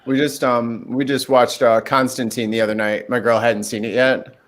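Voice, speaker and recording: A man's voice: medium pitch, level tone, moderate pace. A man teases his friends and tells short stories on a group video call. He sounds loose and playful. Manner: bantering, jokey. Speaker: guest on call. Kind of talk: casual chat.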